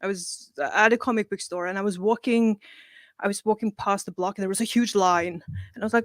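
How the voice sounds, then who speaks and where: A woman, a comic writer guest, telling animated, profane, self-mocking stories in casual chat. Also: medium pitch, brisk, no echo.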